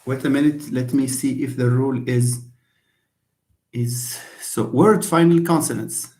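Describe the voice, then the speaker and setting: Slow, halting male lecturer. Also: medium pitch, darkish tone, echoey room. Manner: slow, halting, thinks aloud with many restarts. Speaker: linguistics lecturer. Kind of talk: online class lecture.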